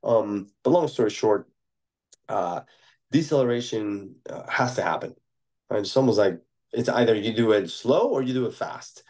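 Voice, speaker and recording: A man's voice: fairly low pitch, normal speed, a little mellow. A man, a performance coach, answering a podcast question in a thoughtful, explanatory way, often checking in with tag questions.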